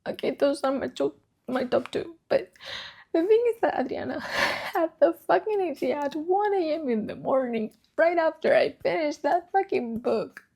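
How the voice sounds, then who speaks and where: A woman's voice: high-pitched, lively intonation, moderate pace, creaky, darkish tone. A woman chatting casually about books she read, emotional, swearing freely and repeating herself. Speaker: book vlogger. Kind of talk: casual chat.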